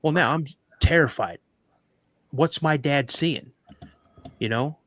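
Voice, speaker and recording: A man's voice: fairly high pitch, slow pace, fairly bright tone, no echo. A man who is a guest on a talk show, telling a story vividly and dramatically, with stammered restarts.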